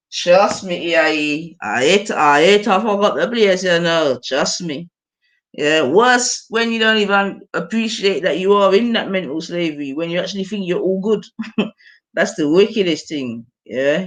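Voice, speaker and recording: A woman streamer chatting casually over music, slangy and animated, full of "yeah, man" fillers. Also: low voice. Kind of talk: casual chat.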